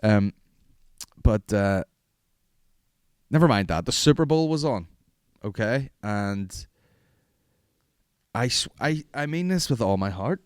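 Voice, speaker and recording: A man's voice: lowish voice, expressive, slow pace, long pauses, clean tone, dry recording, studio quality. Rambling, profane man. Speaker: podcast host. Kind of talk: casual chat.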